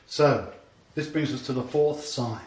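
A man's voice: medium pitch, steady tone, unhurried, darkish tone. A man preaching a sermon, telling stories earnestly and repeating key phrases for emphasis. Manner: earnest, storytelling, emphatic repetition. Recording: echoey room, distant mic, dull lo-fi sound.

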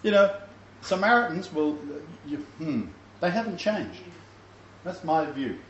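The older man teaching this Messianic Bible lesson is very animated, rambling chattily through stories full of fillers at a somewhat slow pace. His voice runs a little high. An echoey, slightly dull room adds faint ambience, along with a little hiss or hum.

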